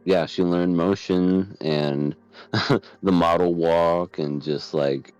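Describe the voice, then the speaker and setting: A man with a very deep voice talks through an anime episode in a rambling, easygoing way, often restarting his sentences. The sound is dry and close, with faint music underneath. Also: fairly even intonation, takes it slowly, darkish tone, clear, resonant tone, no room sound, low-quality recording. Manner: laid-back, rambling, hesitant restarts. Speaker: podcast co-host. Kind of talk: casual chat.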